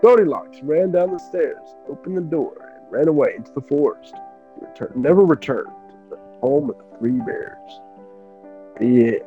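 A man's voice: a little high, expressive, moderate pace, phone-quality sound, faint music behind. A young man co-hosting a casual podcast, reading a bedtime story in a playful, joking way.

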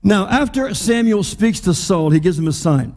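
A man preaching a sermon as pastor, talking conversationally and slowing down to stress the scripture he quotes. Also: high-pitched, expressive, a little mellow. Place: church hall. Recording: long reverb of a large hall.

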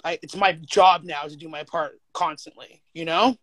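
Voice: mid-range voice, fairly even intonation, normal speed, a bit bright. A teacher as a guest in a casual chat, talking candidly with frequent swearing and filler words. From United States.

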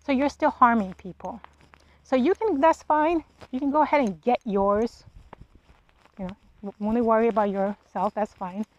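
A woman's voice: on the high side, moderate pace, darkish tone, muffled recording. A woman hosting a solo podcast, ranting bluntly with profanity and rhetorical questions. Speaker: podcast host. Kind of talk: solo monologue rant.

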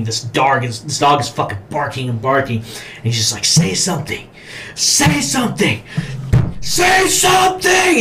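A man co-hosting a podcast, talking casually about horror movies, swearing a lot and acting out scenes with sudden shouts. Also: medium pitch, a little hiss or hum. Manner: profane, animated storytelling with acted-out shouts. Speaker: podcast co-host.

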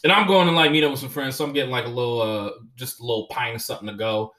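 A comedian and podcast host telling stories in a casual, profane, animated way and laughing as he goes. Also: mid-range voice, rapid-fire. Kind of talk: casual storytelling chat.

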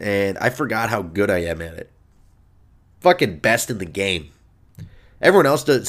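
A man's voice: fairly low pitch, big pitch swings, a little fast, fairly bright tone. Young guy comic rambling on his podcast, cussing, bragging for laughs, voice jumps all over. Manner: brash, profane and rambling, with mock boasting. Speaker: comedian and podcast host. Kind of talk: casual comedic monologue.

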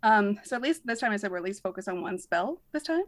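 A woman's voice: medium pitch, animated, fast talker, dry recording. Chatty young woman cohosting a podcast, laughs a lot, dead dry mic. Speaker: podcast co-host. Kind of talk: casual podcast chat.

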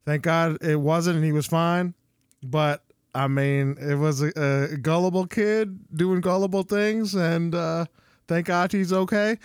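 A man co-hosting a podcast in casual chat, animated and laughing often, restarting his sentences. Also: a little high, measured pace, clear, resonant tone, dry recording, clean studio sound. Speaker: podcast co-host.

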